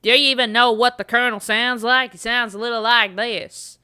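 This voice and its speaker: A woman's voice: a little high, fairly even intonation, normal speed, bright, forceful tone, clear, resonant tone. A woman voicing a snarky, sarcastic voice from a gamebook, mocking the reader.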